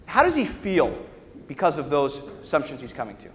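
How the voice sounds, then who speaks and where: A man's voice: fairly high pitch, wildly swooping pitch, brisk. A man giving a conference talk, telling a story and often checking in with the audience with questions, "okay?" and "right?". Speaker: conference speaker. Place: large conference hall. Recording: reverberant hall with faint noise.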